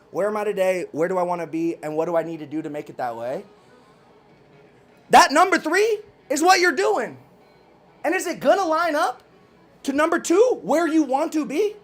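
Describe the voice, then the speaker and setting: Man, high voice, motivational coach, intense challenging rant, repeats questions, swears. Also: fairly bright tone. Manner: swears casually.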